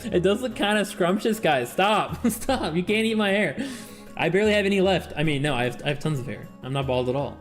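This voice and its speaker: A man's voice: high voice, expressive, brisk, soft background music. A man streaming a game with his chat, chatting casually, laughing often and reading game text aloud. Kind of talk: casual livestream chat while playing a game with chat.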